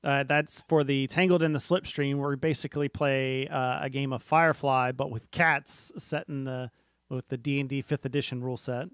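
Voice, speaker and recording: A man's voice: mid-range voice, steady tone, moderate pace, a bit bright, smooth, no echo, clean studio sound. A man co-hosting a casual board game podcast, rambling and often restarting his sentences. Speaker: podcast co-host.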